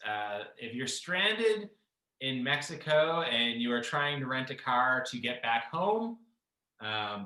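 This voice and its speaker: A man's voice: mid-range voice, sharp tone. A man hosting a casual comic debate, laid-back and hesitant with many ums. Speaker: host and moderator. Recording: roomy echo.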